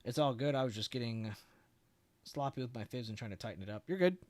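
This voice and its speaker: Speaking quickly in a mid-range voice with no room sound, a young man runs a live trading stream. He chats casually, swears and laughs, responds to viewers, and guides them through charts.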